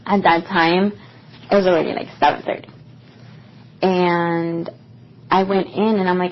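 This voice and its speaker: A woman's voice: on the low side, little pitch movement, measured pace, pauses often. A young woman co-hosting a podcast, telling a personal story in a casual, rambling way with lots of fillers. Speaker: podcast co-host. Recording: dull lo-fi podcast recording.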